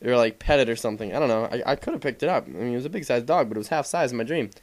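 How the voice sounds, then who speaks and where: A young gaming commentator talks loosely over racing gameplay footage in casual voice-over, rambling with lots of filler words and swearing freely. His voice sits at an everyday male pitch.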